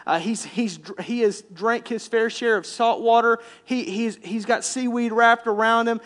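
A man preaching a sermon as pastor, animated, often dropping to a hush for emphasis and acting out complaining voices. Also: very high-pitched, normal speed.

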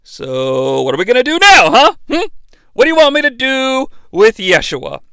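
A man's voice: very high-pitched, wildly swooping pitch, moderate pace, sharp tone, clean tone, no room sound, clean studio sound, heavily acted. A man voicing a weary, indecisive male Roman governor who talks hesitantly.

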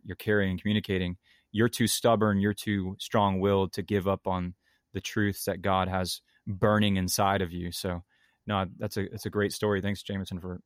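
Low-voiced earnest pastor, dry sound. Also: male voice, no echo. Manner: earnest, reflective, with a dry humor. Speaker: pastor and podcast co-host. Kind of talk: casual podcast conversation.

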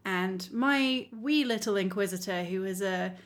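A woman telling a story in casual chat as a podcast co-host, animated and laughing often. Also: medium pitch, measured pace. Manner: animated, laughing often, acting out quoted lines.

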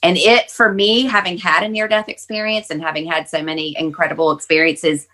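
Female podcast guest, lower register, earnest reflective storyteller. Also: fairly even intonation, brisk, sharp tone. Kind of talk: personal storytelling on a panel podcast.

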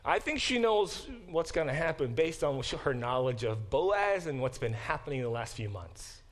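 A man's voice: mid-range voice, moderate pace. A man teaching a Bible class in a conversational lecture style, often acting out quoted speech and restarting his sentences. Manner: animated, acts out quoted speech.

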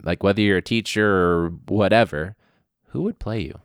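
A man's voice: low-pitched, normal speed, smooth, dry recording, clean studio sound. A man hosting a podcast in casual chat, rambling and playful, often restarting his sentences. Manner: rambling, self-interrupting, playful. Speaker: podcast host.

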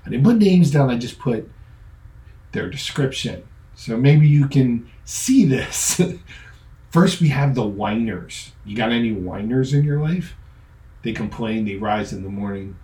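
Joking pastor preaching in an echoey hall. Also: male voice, mid-range voice, expressive, measured pace, warm tone. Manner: joking, conversational preaching with quoted voices. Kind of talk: sermon.

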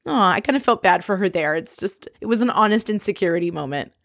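A woman casually recapping a reality show scene by scene, chatty and quick to laugh. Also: medium pitch, lively intonation, gravelly, fairly bright tone, dry recording, studio quality. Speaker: recap podcast host.

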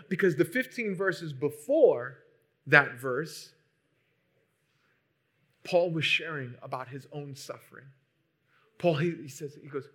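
A man preaching a sermon, emphatic, moving between hushed lines and loud, urgent ones. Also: on the high side, lively intonation, takes it slowly, pauses often, husky. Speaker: pastor.

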